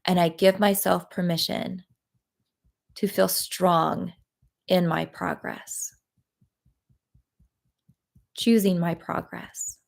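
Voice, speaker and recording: A woman leading a live guided tapping session, talking in a gentle, encouraging way with many pauses and fillers. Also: fairly low pitch, level tone, creaky. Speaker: EFT tapping practitioner.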